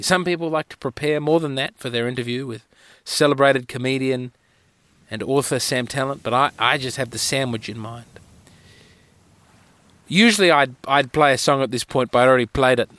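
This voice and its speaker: Bright-voiced man rambling wryly. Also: mid-range voice, no echo. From Australia. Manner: rambling, wry, self-mocking storytelling. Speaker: podcast host. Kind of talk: solo comic monologue.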